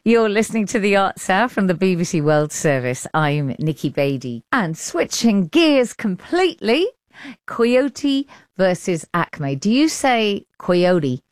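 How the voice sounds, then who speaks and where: A woman with an English accent presenting a radio arts programme, with a lively, expressive delivery. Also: medium pitch, moderate pace, few pauses, no room sound, studio quality. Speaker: radio arts show host. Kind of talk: broadcast presenting.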